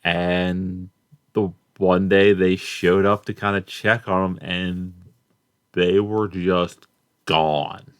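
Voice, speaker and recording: A young man giving a casual, rambling spoken review of a cartoon, halting often and filling gaps with "like" and "uh.". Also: deep voice, flat delivery, smooth, no echo. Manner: rambling, halting, many fillers and restarts.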